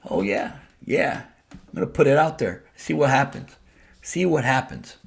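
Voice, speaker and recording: A man rants in a gravelly voice, blunt and full of swearing. He hammers his points home by repeating them, in a plain, mid-pitched voice with a rough edge. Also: big pitch swings, moderate pace. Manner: blunt, profane, heated; repetitive, emphatic. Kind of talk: casual rant to the camera.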